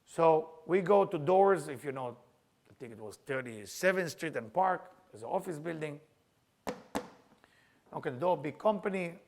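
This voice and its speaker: Middle-aged Israeli man, slightly high and gravelly, spiritual teacher, storytelling and playing out both sides of a conversation. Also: measured pace, long pauses, background noise. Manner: animated, acts out dialogue, loud bursts. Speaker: Kabbalah teacher. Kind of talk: storytelling lesson.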